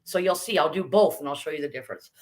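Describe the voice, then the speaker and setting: A woman's voice: low-pitched, fast, rough recording. A middle-aged woman hosting a casual live baking stream, chatting, greeting viewers by name and reading out their comments.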